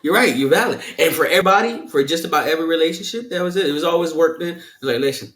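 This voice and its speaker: Man, higher voice. Playful and loose, often restarting mid-sentence. Echoey room. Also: very fast, a bit bright. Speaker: podcast guest. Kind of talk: candid casual discussion.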